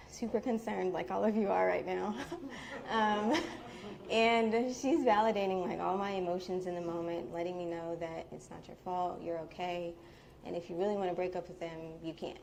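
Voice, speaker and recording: A woman's voice: lowish voice, vocal fry, a little hiss or hum. A young woman with a Midwestern American accent telling a personal story live to an audience in a bubble tea shop, chatty and candid. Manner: candid, chatty, with soft laughs.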